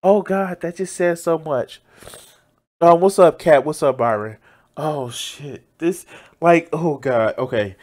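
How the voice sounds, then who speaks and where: A man's voice: a little high, takes it slowly, darkish tone. A man giving loose, profane reaction commentary as a streamer, often exclaiming and laughing. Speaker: streamer reacting to news clips.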